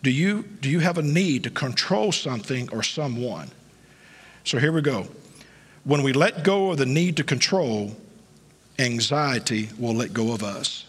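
A male pastor preaching a sermon, with emphatic delivery that swings between quiet asides and loud peaks, recorded in a church. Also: medium pitch, expressive, unhurried, husky. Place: church sanctuary. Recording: long church hall reverb.

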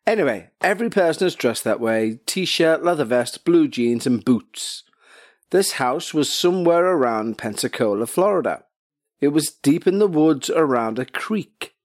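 A man's voice: a little high, lively intonation, unhurried, no room sound, clean studio sound. A man hosting a podcast at home on his couch, reading a story aloud with jokey, rambling asides. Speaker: podcast host. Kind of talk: casual chat and story reading.

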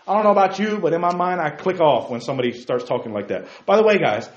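A man's voice: on the high side, lively intonation, fast talker, roomy sound, dull audio. A man preaching a sermon to young men, with repeated calls of "hey guys" and sudden emphatic peaks.

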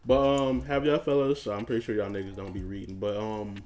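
A man's voice: fairly low pitch, little pitch movement, darkish tone. Joking man hosting a laid-back podcast. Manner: joking, quick to say sorry. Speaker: podcast host. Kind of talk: casual podcast chat.

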